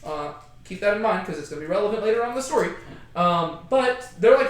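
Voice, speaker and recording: High-voiced man teaching in echoey room. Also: fast talker. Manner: animated, chatty, acts out quotes, asks the group questions. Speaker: Bible study teacher. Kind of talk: casual group Bible teaching.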